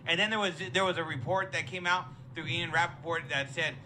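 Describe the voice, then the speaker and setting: A man's voice: a little high, fairly even intonation, a little fast, sharp tone, slight background noise. A man ranting in a recorded fan message, exasperated and repeating himself. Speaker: listener sending voice messages.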